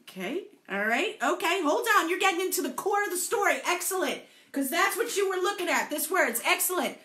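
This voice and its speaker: A woman's voice: extremely high pitch, sing-song, brisk, sharp tone, echoey room, a little hiss or hum. A playful woman leading a live group storytelling session, encouraging her participants and joking about tongue twisters. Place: indoor room, also streamed to Facebook.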